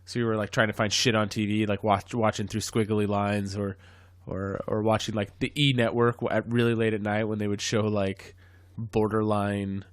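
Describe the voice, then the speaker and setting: A man's voice: fairly low pitch, flat delivery, moderate pace, no room sound. Rambling man on a casual podcast. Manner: rambling, loses his train of thought, swears casually. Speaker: podcast co-host. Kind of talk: casual chat.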